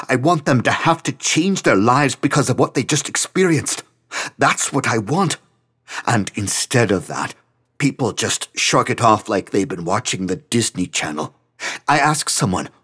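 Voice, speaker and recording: A man's voice: fairly low pitch, fairly bright tone, husky, exaggerated voice. A man voicing a volatile young male musician who talks in a raised, agitated, intense way.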